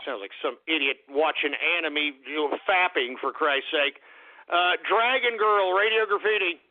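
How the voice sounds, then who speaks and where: A man from Texas hosting a call-in radio show, loud and blustering, trading insults with callers. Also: a little high, moderate pace, a little hiss or hum. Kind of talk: brash call-in radio banter. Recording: phone-like lo-fi radio broadcast.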